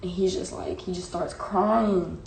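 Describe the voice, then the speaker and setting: A woman's voice: on the low side, fairly even intonation, measured pace, creaky, a little mellow, a little hiss or hum. A young woman vlogger telling a personal story casually and emotionally, full of slang and fillers. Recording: echoey room.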